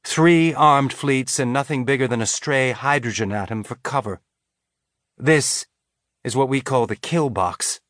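A man's voice: mid-range voice, a little slow, fairly bright tone, dry recording, clean studio sound, pitched above the performer's own voice, lightly acted. A man voicing a grim, blunt veteran fighter in an audiobook.

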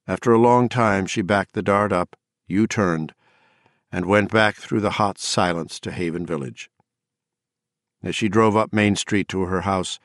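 A man narrates a novel in a steady, dramatic way. His voice sits on the low side, and it is recorded close and dry with almost no room sound. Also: no room sound. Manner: measured, dramatic storytelling. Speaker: audiobook narrator. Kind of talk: scripted narration.

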